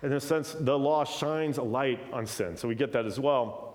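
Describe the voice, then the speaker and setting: A man's voice: mid-range voice, moderate pace. Man teaching on Scripture. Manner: casual, often adds "right?" as a check-in; animated, shifting pace. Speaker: preacher. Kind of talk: conversational Bible teaching.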